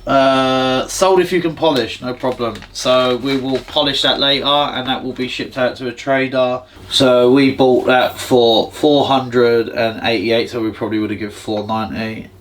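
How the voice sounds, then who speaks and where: A man's voice: mid-range voice, fairly even intonation, moderate pace, hardly any pauses, slight background noise. A man, a jeweller chatting casually as he walks through prices and gold tests in his shop. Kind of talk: casual explaining to camera and customer.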